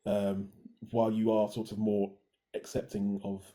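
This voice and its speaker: A British man in casual chat with his wife, halting and repeating words often. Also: fairly low pitch, monotone, dark tone. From United Kingdom. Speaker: co-host.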